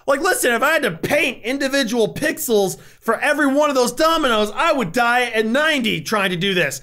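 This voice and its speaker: A young man joking through casual gaming commentary who keeps bursting into excited shouts. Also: extremely high pitch, normal speed, hardly any pauses. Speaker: YouTuber.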